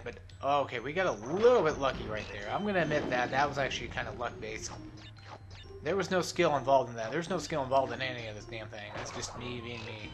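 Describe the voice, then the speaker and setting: A young man giving rambling, self-mocking commentary while playing a video game, swearing and laughing often. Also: medium pitch. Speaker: let's play host. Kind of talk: casual gameplay commentary.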